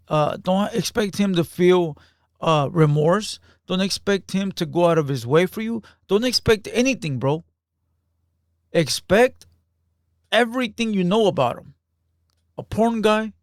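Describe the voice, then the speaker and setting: A man's voice: sits high, no echo, clean studio sound. A man giving casual reaction commentary in loose, emphatic street slang, peppered with "bro".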